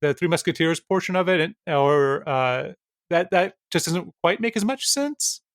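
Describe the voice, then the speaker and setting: A man co-hosting a casual film podcast, often pausing on filler words and restarting his sentences. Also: fairly high pitch, expressive, a bit bright, dry recording, clean studio sound. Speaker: podcast co-host.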